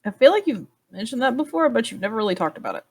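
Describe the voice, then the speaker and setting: A woman's voice: on the high side, big pitch swings, rapid-fire. A woman playing a tabletop game, talking in a casual, teasing way. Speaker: player. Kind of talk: tabletop role-play.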